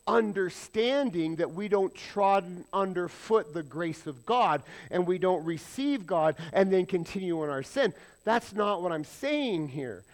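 A man delivering a sermon in a high voice. He preaches with emphasis and fires rhetorical questions at his listeners. At times he drops to a hushed, almost whispered delivery. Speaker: pastor.

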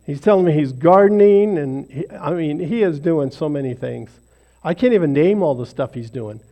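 A man's voice: a little high, expressive, moderate pace, highs cut off. A man leading an informal devotional talk for a small group in a rambling, self-deprecating, conversational way. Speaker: lay speaker leading a devotional.

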